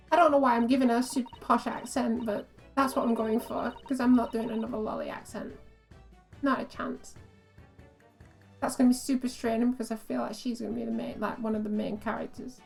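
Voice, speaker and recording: A woman's voice: on the high side, level tone, a little fast, gravelly. A woman chatting casually as she plays and comments on a game, laughing at herself, with faint music behind. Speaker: streamer.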